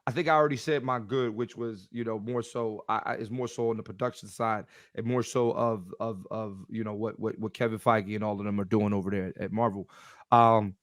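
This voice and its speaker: A man's voice: fairly low pitch, fairly even intonation, brisk, no room sound, clean studio sound. A man co-hosting a casual podcast chat, emphatic and slang-heavy, repeating phrases over and over. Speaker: podcast co-host.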